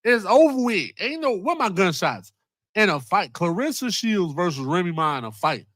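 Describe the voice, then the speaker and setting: A high-pitched man hosts a casual commentary vlog, his voice leaping up and down as he reacts. He talks in an excitable, profane way, circling back over the same words. The sound is dry and close, with no room around it. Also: moderate pace, no echo. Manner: excitable, profane, repeats himself. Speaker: host.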